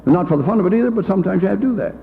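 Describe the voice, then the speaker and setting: An older man spins homespun anecdotes in a gravelly, fairly high voice. The old reel-to-reel tape sounds thin and phone-like, with a long hall echo behind him. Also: animated, very fast, a little hiss or hum. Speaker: church education leader. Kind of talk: folksy storytelling talk.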